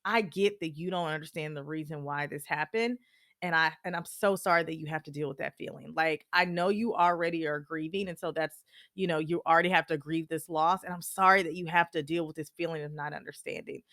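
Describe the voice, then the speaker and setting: A woman hosts a podcast in a candid, animated way, often acting out little conversations as she talks. Her voice sits a bit low for a woman. The recording is dry and close, with no room sound. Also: brisk, no room sound. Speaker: podcast host. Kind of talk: casual advice talk.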